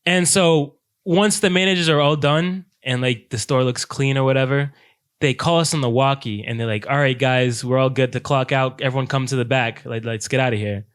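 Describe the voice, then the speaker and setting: A young man on a podcast, telling a workplace story to his friends in a casual, animated way, with "dude" in nearly every line. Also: medium pitch, moderate pace, clean tone. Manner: animated, says "dude" constantly, quotes himself and others. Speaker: podcast co-host.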